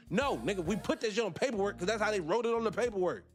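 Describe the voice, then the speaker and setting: A man's voice: rapid-fire, faint music behind. Fired-up Black American man ranting. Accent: Black American English. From United States. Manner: profane, animated, swinging between loud and low. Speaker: commentary channel host. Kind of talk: heated reaction commentary.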